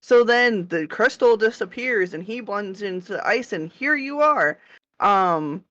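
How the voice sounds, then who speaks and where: A woman co-hosting a podcast, telling a story in an animated way, swearing and laughing as she goes. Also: medium pitch, dry recording. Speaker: podcast co-host. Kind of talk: casual chat. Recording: dull lo-fi dry sound.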